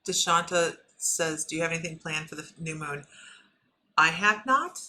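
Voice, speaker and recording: A woman hosts a live stream offering free intuitive readings, chatting with lots of fillers and growing excited when she addresses viewers. Her voice is low-pitched at a moderate pace, with slight background noise, in a live psychic reading chat.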